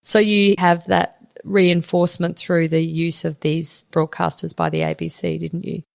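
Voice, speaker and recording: A woman's voice: fairly low pitch, little pitch movement, unhurried, creaky, dry recording, clean studio sound. A woman hosting an interview, asking leading questions that end in tag questions. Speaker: interview host.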